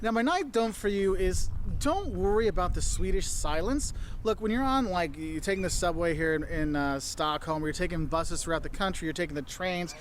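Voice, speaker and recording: High-voiced, animated travel-tip man. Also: a little fast, a little hiss or hum. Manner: animated, chummy, acts out little voices. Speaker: travel video presenter. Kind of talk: travel advice commentary.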